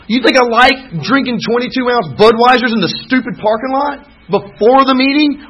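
An extremely high-pitched, husky and slightly bright male voice moves at a moderate pace with few pauses. He's giving personal recovery testimony at a meeting, rambling, candid and wryly humorous, on a muffled lo-fi recording.

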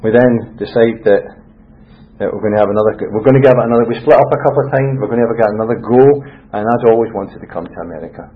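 A man's voice: on the low side, very fast. Scottish man telling his life story. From Scotland. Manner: candid, rambling, with frequent restarts. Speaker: speaker sharing his story. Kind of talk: personal testimony talk. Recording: dull lo-fi recording with faint noise.

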